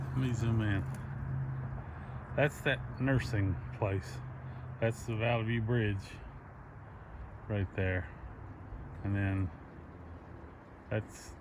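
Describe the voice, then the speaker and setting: A man, filming outdoors on a phone as he climbs a hill, rambling in a folksy way about the landmarks below and a bit out of breath. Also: fairly low pitch. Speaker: hiker filming his walk. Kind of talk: casual handheld vlog narration. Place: outdoors on a hillside. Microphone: phone held by the speaker. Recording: outdoor phone recording with noise.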